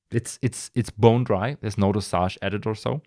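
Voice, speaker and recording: A man's voice: lowish voice, a little mellow, no echo, clean studio sound. A man hosting a casual solo podcast, talking enthusiastically in a rambling way, with frequent restarts, sighs and laughs. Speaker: podcast host.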